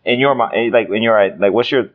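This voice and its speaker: A man with a low voice hosts a podcast conversation, asking questions thoughtfully and with many restarts. The audio is a little dull and muffled. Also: moderate pace. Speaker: podcast host.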